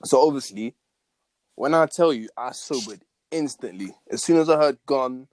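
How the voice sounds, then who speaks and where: A man's voice: medium pitch, expressive, normal speed, darkish tone, dry recording. Young man, dry close voice. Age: young adult. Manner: slangy, matter-of-fact retelling. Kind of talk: casual storytelling chat.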